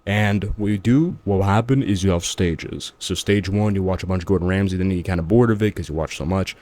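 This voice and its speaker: A man's voice: sits low, fairly quick, darkish tone. A man talking straight to the viewer in a casual, slangy, motivational vlog. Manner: slangy, emphatic, addresses the viewer directly. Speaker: self-improvement vlogger. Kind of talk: casual motivational talk to camera.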